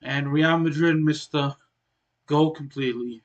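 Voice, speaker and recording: A man with a somewhat high voice talks through his soccer game in a relaxed, explanatory way. He keeps clearing his throat and coughing now and then between remarks. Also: a little slow, highs cut off. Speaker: gaming channel host. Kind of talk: casual game commentary.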